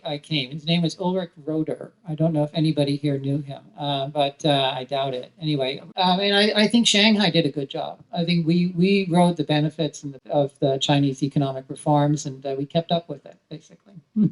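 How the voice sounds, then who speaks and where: A woman in her sixties speaking as a guest at a live interview, relaxed and reflective, with many pauses and fillers. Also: deep voice, poor audio. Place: event venue with live audience.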